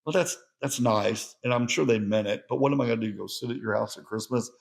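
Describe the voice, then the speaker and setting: A man's voice: mid-range voice, quick pace, gravelly. A man hosting a solo podcast, speaking in an earnest, conversational and reflective way. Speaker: podcast host.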